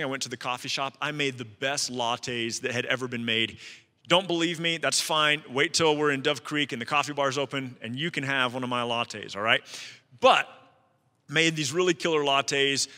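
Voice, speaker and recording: A man's voice: mid-range voice, bright, forceful tone, long reverb tail. A man preaching a sermon as a pastor, telling a personal story in a conversational way with asides to the congregation. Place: church sanctuary.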